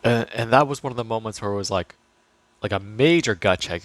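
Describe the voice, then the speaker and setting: Low-ish guy vlogging about money, lots of "like", dry close sound. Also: a little fast, no room sound. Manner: relaxed, chatty, many "like" fillers and restarts. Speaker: finance vlogger. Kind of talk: casual talk to camera.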